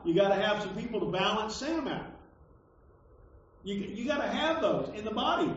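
Pastor, male, high-pitched, chatty sermon delivery with stammered restarts, in a booming echoey room, faint hiss. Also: distant mic. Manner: conversational, stammers and repeats words, emphatic. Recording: echoey hall, dull lo-fi sound.

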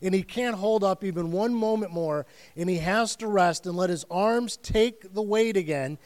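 A man's voice: high-pitched, moderate pace, darkish tone. A man preaching a sermon as pastor, telling the story in earnest and vivid detail and repeating phrases for weight.

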